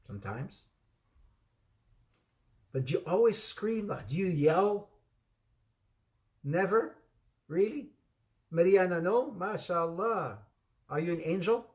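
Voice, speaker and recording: This man's voice is high and animated, but he takes his time, leaving long pauses. As an Islamic teacher running an interactive religious lesson, he repeats phrases to stress them, addresses students by name, and laughs frequently through his playful asides.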